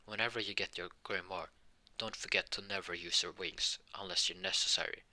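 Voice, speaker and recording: Guy doing a serious guardian with a warning, lowish voice, bright tone. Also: big pitch swings, a little fast, gravelly, exaggerated voice. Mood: solemn.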